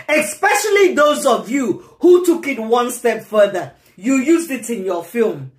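A woman in an angry vlog rant to her camera, repeating herself, swinging from low mutters to tearful shouts. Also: animated, unhurried, hardly any pauses. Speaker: vlogger.

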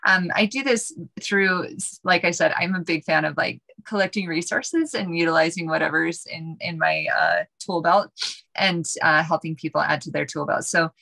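Low, gravelly woman speaking earnestly. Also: sharp tone. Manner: earnest, halting, many ums. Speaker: healer, guest. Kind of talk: casual group chat.

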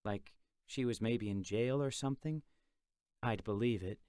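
A man reads a first-person audiobook in a calm, reflective, conversational way. His voice sits mid-range and is recorded dry and close, with no room around it. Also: medium pitch, measured pace, clear, resonant tone, no room sound. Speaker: audiobook narrator.

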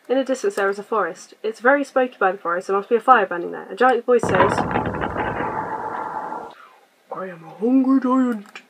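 A woman hosting a casual let's-play, quietly reading game text aloud and muttering her choices. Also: a little high, slight background noise, rough recording. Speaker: gaming channel host.

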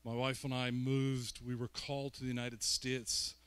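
A man's voice: medium pitch, flat delivery, normal speed, a bit bright, clean tone, no echo. Man, Belfast accent, guest preacher, jokey and self-mocking, mid-range voice. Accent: Northern Irish, Belfast. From Northern Ireland. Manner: joking, self-mocking asides. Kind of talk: sermon.

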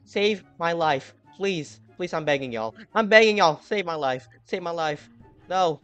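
A man giving live gameplay commentary, excitably yelling at his teammates and swinging from muttering to shouting. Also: on the high side, unhurried, clean tone, soft background music. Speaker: gaming channel host.

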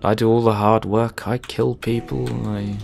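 A man doing excitable, jokey let's play commentary over a horror game, swearing often. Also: on the low side, normal speed, creaky. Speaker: gaming commentator.

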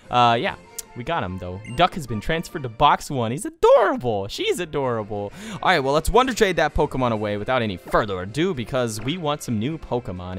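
A man commentating his own game playthrough at a middling pitch, joking and getting excited as he talks to his viewers. Faint game music plays behind his voice. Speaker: let's play host.

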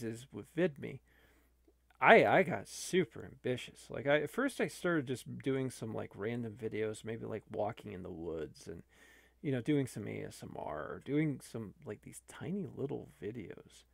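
A man's voice: medium pitch, gravelly, no echo. A man, an online video creator, talking casually and rambling with many restarts.

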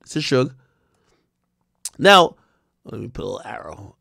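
A man's voice: mid-range voice, big pitch swings, a little slow, vocal fry, sharp tone, dry recording, studio quality. A man giving casual explanatory commentary, talking viewers through on-screen footage in an emphatic, slang-heavy, profane way.

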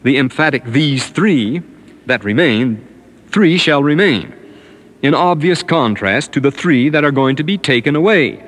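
A man's voice: fairly high pitch, animated, unhurried, a bit bright. A middle-aged man delivering a formal, scholarly radio lecture in the 1950s, emphatic as he quotes scripture at length.

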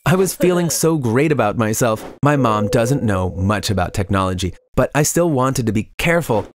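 A man in first-person scripted narration of an animated story, steady with sudden lifts in pitch. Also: slight background noise.

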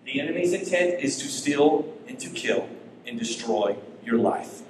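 A man preaching a sermon as pastor, emphatic, with his pitch rising and falling. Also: expressive, unhurried, background noise. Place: church sanctuary. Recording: echoey church hall.

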